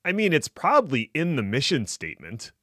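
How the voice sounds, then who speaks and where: A man's voice: mid-range voice, wildly swooping pitch, brisk, sharp tone, no echo. A man co-hosting a podcast in a casual chat, adding dry, joking asides. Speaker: podcast co-host.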